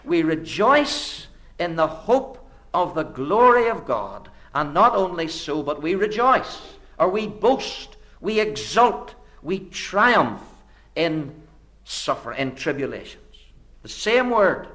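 Earnest preacher with a lively pitch. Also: male voice, takes it slowly. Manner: earnest, rhetorical, builds with repeated phrases; swings from hushed low phrases to sudden emphatic rises. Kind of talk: sermon.

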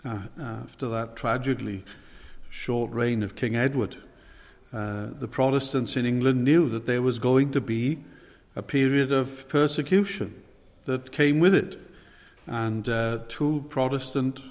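A man preaching a sermon, earnest and emphatic, his voice rising as he leans into the questions he quotes. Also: medium pitch. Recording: long hall reverb.

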